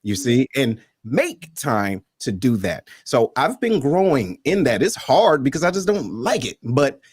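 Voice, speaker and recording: A middle-aged man hosts a relaxed conversation with emphatic, preacher-like conviction. His pitch swings widely as he makes his points. The sound is dry and close, with no room around it. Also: unhurried, slightly rough, no echo. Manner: lively, animated, preacherly emphasis. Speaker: host. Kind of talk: casual chat.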